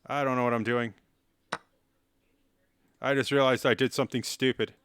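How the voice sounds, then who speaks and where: A man's voice: mid-range voice, level tone, moderate pace, fairly bright tone, slight background noise. A man chatting on a live stream while playing chess, rambling and self-mocking and cracking silly jokes. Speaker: livestreamer.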